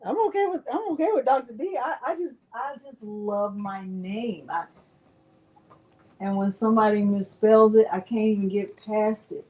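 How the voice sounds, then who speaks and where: A woman's voice: medium pitch, normal speed, a little mellow. A woman hosting a live crafting stream, chatting with her viewers in a playful, self-mocking way. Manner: chatty, talks straight to viewers. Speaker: crafting channel host.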